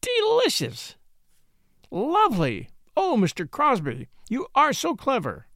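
Man voicing an excitable genteel young woman. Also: very high-pitched, slow, no echo, studio quality, voice pushed up, full character voice. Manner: breathless, gushing, sweetly teasing.

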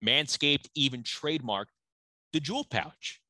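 A male podcast host delivers a sponsor read with a cheeky, joking tone. His voice is bright and forceful. The sound is dry and close, with no room. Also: mid-range voice, a little slow, no echo, low-quality recording.

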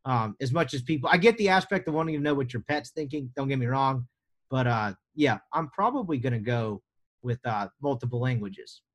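Brisk and animated in a medium-pitched voice, a young American man runs a sports podcast in a loose, rambling style. He jokes around and tosses in sarcastic remarks.

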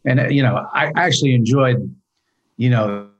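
A man in his forties from California, an actor talking as a guest in a relaxed, rambling, profane way, with lots of "you know". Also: medium pitch, moderate pace, muffled recording. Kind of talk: casual interview.

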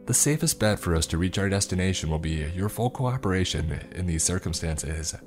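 A man's voice: low voice, lively intonation, brisk, soft background music. A man voicing an overly chipper female flight attendant who makes announcements in a sing-song way.

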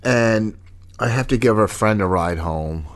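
A man's voice: lowish voice, measured pace. A man telling a story in casual, profane banter with his wife, exasperated and acting out drunk people's lines. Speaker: storyteller in a couple's chat.

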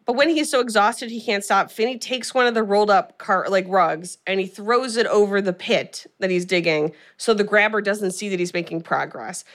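A woman co-hosting a podcast, recapping a film in a chatty, animated way and swearing freely. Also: medium pitch, normal speed, few pauses. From California. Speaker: podcast co-host. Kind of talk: casual chat recapping a film.

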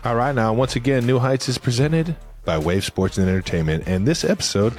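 A man's voice: medium pitch, animated, brisk, faint music behind. A man co-hosting a sports podcast in loose, profane casual chat who also reads the sponsor outro. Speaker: podcast co-host.

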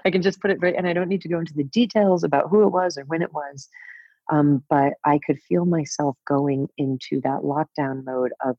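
Frank husky woman in her 50s, laughs a lot, dry dull lo-fi sound. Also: low-pitched, a little fast, mellow, no echo. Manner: frank, laughs often, swears casually. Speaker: guest author. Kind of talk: candid interview talk.

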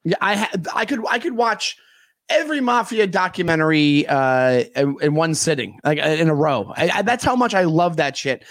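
A man co-hosting a podcast in casual chat, animated, laughing often and restarting his sentences. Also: fairly high pitch, moderate pace, no room sound, studio quality. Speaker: podcast co-host.

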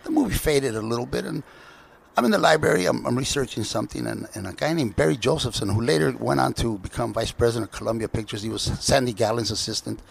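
A man from the United States telling stories about his life in an interview, halting and restarting often, slipping into quick impressions of the people he meets. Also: medium pitch, creaky, a little hiss or hum. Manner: halting, with frequent restarts and filler words; lively anecdotes with put-on voices for other people. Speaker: guest. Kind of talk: storytelling interview talk.

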